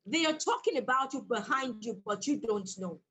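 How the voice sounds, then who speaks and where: A woman's voice: on the high side, animated, moderate pace, fairly bright tone, breathy edge, poor audio. A woman, an author, telling a story from her working life in an emphatic, bold way as an interview guest. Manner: emphatic, bold, laughs often. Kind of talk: animated storytelling in conversation.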